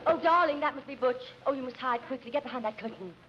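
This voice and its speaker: A woman's voice: high voice, quick pace, lo-fi sound, lightly acted. A woman playing a silly, melodramatic young heroine in overwrought soap-opera fashion. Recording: scratchy 1940s radio, studio audience.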